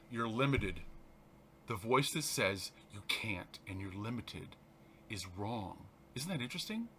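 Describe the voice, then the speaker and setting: A man, a reverend hosting his show, reads a spiritual text aloud and comments on it in an animated, halting way, often restarting and laughing. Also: a little high, slight background noise.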